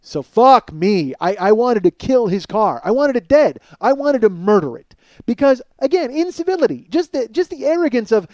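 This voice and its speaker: A man hosting a comedy podcast, delivering a profane, exasperated rant that swings between loud outbursts and low muttering. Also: very animated, moderate pace, dry recording, highs cut off. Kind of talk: ranting comedic monologue.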